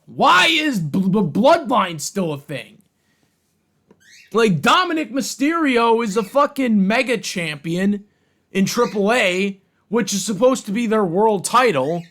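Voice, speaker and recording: A man's voice: high voice, very animated, unhurried, a bit bright. A man ranting angrily about wrestling storylines, heated and profane, repeating himself for emphasis. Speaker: wrestling commentator ranting on his channel. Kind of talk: angry rant.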